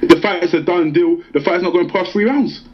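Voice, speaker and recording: A man hosting a casual boxing chat, talking rapidly and keeps checking in with the listener. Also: high-pitched. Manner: rapid, chatty, keeps asking "yeah?" and "do you know what I mean?". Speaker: boxing show host. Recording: dull lo-fi sound.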